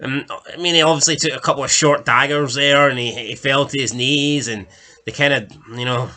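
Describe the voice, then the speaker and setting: A man's voice: mid-range voice, fairly even intonation, brisk, bright, forceful tone. A man co-hosting a casual chat show, talking in a loose, rambling way with swearing and fillers. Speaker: podcast co-host. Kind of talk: casual chat ranking TV deaths.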